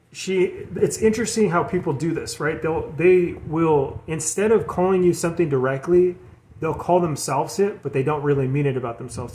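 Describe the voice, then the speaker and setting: Man, young, tarot reader, casual spiritual talk, rambling, restarts sentences, fairly high voice. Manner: rambling, repeats words and restarts.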